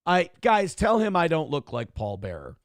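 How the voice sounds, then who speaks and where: A middle-aged man hosts a casual livestream talk show, reading donations aloud with loud, crude jokes and a rough voice that cannot reach high notes. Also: sing-song, normal speed, dry recording. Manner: loud, crude, joking, reads chat messages aloud.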